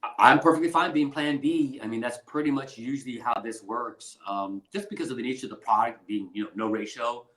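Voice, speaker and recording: A middle-aged man with a Texas accent, a mortgage lender chatting in an interview in a relaxed, joking way. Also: mid-range voice, a little fast. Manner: relaxed, laid-back, self-deprecating humor. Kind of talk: casual interview chat. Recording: roomy echo.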